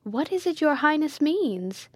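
A calm, devoted princess speaks gently and soothingly, as a woman reads her. The sound is dry and close. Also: high voice, unhurried, dry recording, voice pushed up. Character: calm, devoted noble lady, princess and wife.

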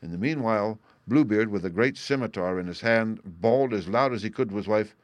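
Deep-voiced male storybook narrator. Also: a little fast, hardly any pauses, dry recording. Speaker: audiobook reader.

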